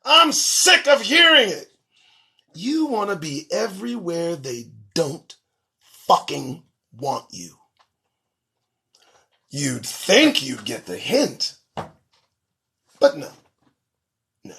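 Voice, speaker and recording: High, lively ranting male host. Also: very slow, gravelly, pauses often. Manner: ranting, profane, sarcastic. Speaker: show host. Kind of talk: solo commentary on news headlines.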